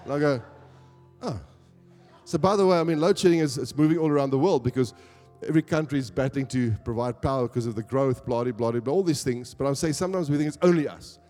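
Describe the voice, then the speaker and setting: With a mid-range, dark-toned voice and a quick pace, a pastor with a South African accent preaches in a church hall, rising to emphatic calls for agreement. Long reverb and faint music are audible in the recording.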